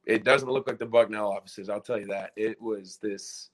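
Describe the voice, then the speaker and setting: Speaking at a normal pace in a voice on the low side, this twenties-aged podcast guest and ex-college basketball player relates a story in an animated, casual way, leaning on "like" and restarting often.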